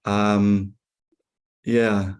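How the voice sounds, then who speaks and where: A man's voice: fairly low pitch, very slow, clear, resonant tone. Wry Scottish man in his forties. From Scotland. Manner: relaxed, wry, laughs easily, many ums and restarts. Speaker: actor guest. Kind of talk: casual interview chat.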